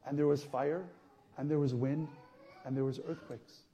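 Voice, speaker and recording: A male priest giving a conversational sermon, going from soft, quiet asides to loud emphatic passages. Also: on the high side, steady tone, normal speed. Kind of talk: sermon teaching.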